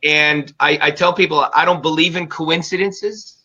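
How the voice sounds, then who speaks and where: A man hosting an interview, talking in an emphatic, fired-up and energetic way. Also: fairly high pitch, normal speed. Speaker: show host. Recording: dull lo-fi sound.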